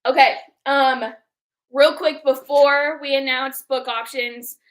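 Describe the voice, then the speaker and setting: A woman's voice: high voice, slow pace. A young woman co-hosting a book club livestream, chatting casually and acting out quotes as she tells stories. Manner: animated storyteller who acts out quotes.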